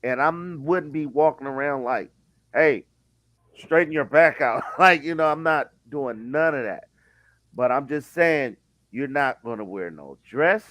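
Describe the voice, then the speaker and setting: A man's voice: a little high, fairly bright tone, dry recording. A man with a mid-range voice that swings widely talks in a slangy, laughing way. The recording is dry and close. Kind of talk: casual chat.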